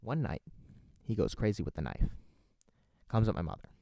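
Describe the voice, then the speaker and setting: A man's voice: lowish voice, big pitch swings, moderate pace, gravelly, dark tone, dry recording, studio quality. A man doing a voice impression of an unhinged, mocking male villain, drawling and dropping into whispers. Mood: menacing.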